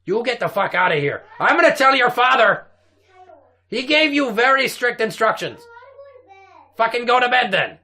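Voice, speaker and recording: A man playing a crude gravelly pirate captain. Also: medium pitch, lively intonation, normal speed, bright, forceful tone, heavily acted. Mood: angry yelling. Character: crude salty male pirate sea captain. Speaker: recurring comedy character. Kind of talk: improvised comedy podcast banter.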